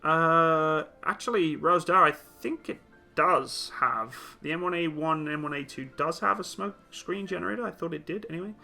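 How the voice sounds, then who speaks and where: A man's voice: on the high side, normal speed, vocal fry, sharp tone, soft background music. Blunt teasing male streamer. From Britain. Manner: blunt, teasing, reads chat comments aloud. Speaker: livestream host answering chat questions. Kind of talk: casual live Q&A chat.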